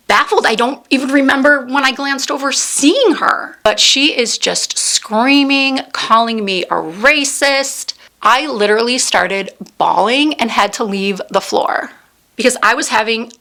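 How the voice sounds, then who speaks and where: Woman, forties, beauty vlogger; bright, clear tone, heartfelt storytelling on the edge of tears. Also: on the high side. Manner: earnest, heartfelt retelling. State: close to tears. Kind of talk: storytelling while doing makeup.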